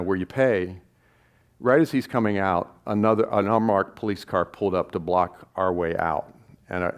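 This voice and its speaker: A man, a documentary filmmaker, telling an anecdote to a live audience and acting out the voices of the people in it. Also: lowish voice. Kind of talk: storytelling at a live gathering. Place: stage at a live event.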